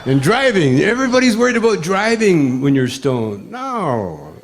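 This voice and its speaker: A man's voice: high-pitched, big pitch swings, moderate pace. An older man doing stand-up comedy, telling rambling, laid-back stories with chuckles. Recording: live comedy record with loud audience.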